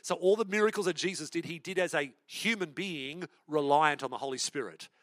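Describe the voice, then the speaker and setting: A man preaches in a lively, talkative way, drifting into asides as he tells the story. His voice sits high and sounds bright and forward. It is recorded close and dry. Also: fairly quick, dry recording. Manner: animated, chatty storytelling with asides. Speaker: pastor. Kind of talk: sermon.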